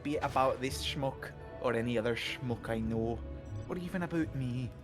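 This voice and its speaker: A man putting on a Scottish accent as a brash, crude mum persona, talking loudly and rambling. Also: mid-range voice, moderate pace, over music, natural voice. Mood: cheeky. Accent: put-on Scottish. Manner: loud, rambling, vulgar. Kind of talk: casual stream banter.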